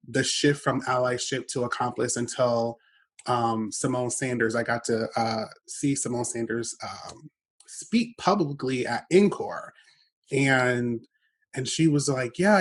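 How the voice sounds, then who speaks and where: A man hosts a casual podcast interview, his voice sitting at an ordinary middle pitch. He rambles a little, circling his points with fillers and restarts. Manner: loose, rambling, with fillers and self-corrections. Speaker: podcast host.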